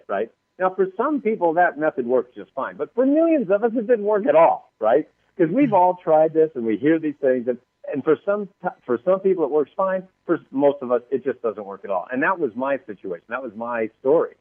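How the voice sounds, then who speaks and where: A man's voice: fairly high pitch, brisk, dry recording. A male author as an interview guest, telling stories animatedly and acting out the voices of people he quotes. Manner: lively, acts out quoted voices, laughs often. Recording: dry phone-line sound.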